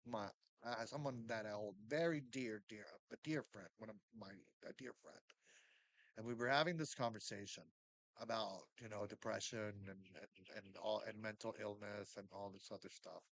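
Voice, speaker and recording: A man vlogging about spirituality and hardship, rambling and restarting often, swinging between loud bursts and hushed asides. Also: on the low side, no echo, rough recording. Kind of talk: casual spiritual talk to camera.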